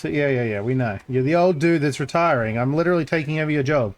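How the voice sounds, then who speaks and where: A man's voice: on the high side, quick pace. A male streamer giving casual commentary while playing a game, with joking, sarcastic asides.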